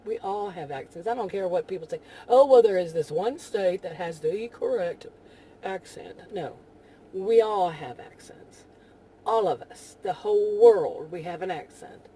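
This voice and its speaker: A woman with a Texan accent rambling casually in a vlog while driving, full of "you know" fillers and soft laughs. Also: on the low side, a little hiss or hum. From Texas. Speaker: vlogger.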